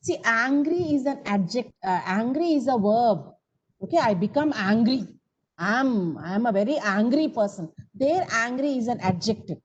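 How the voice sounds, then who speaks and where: A woman's voice: on the high side, expressive, moderate pace, dull audio. A woman teaching grammar in an online coaching class, coaxing students for answers and calling on them by name. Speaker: English teacher.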